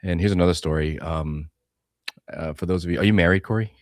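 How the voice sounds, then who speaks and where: A man who is a guest on a podcast, telling profane, animated stories in casual chat. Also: deep voice, brisk, dry recording, clean studio sound. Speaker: guest, sales consultant for chiropractors.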